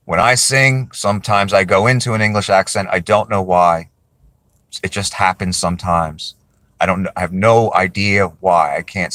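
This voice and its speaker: A man's voice: fairly low pitch, a bit bright, no echo. A man casually talking to camera, rambling and apologetic as he corrects himself. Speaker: video creator.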